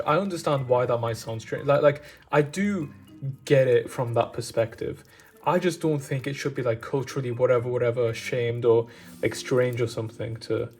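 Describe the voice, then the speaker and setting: While cooking, a man talks in a relaxed, enthusiastic way, drifting into tangents as he goes. He's a cooking vlogger whose mid-range voice carries a darkish tone.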